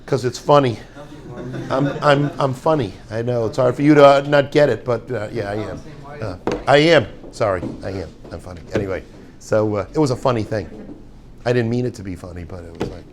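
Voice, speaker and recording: A man's voice: fairly low pitch, brisk, crowd noise. A man, a rabbi heading a yeshiva, giving an informal talk with rambling jokes and Yiddish words.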